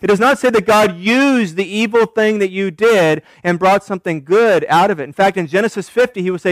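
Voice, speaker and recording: A man's voice: high-pitched, brisk, few pauses, dry recording. A man preaching an expository sermon, emphatic, asking rhetorical questions and answering them himself. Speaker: pastor.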